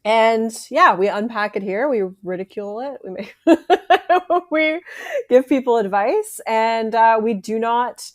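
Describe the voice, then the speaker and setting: A woman co-hosting a podcast, explaining things in a measured, casual way. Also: a little high, lively intonation, dry recording, studio quality. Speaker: podcast co-host.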